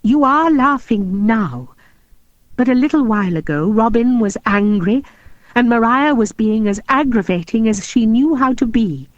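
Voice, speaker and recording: A woman voicing a gentle mother who speaks earnestly and reprovingly. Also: a little high, expressive, measured pace, dry recording, lo-fi sound.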